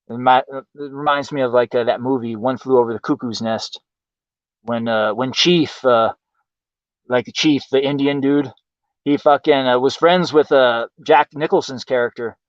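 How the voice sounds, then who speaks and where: Male host, loose profane rambler, slightly high, dull lo-fi sound, dry. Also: no echo, distant mic. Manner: rambling and profane, many fillers. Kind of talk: casual monologue. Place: home in the countryside.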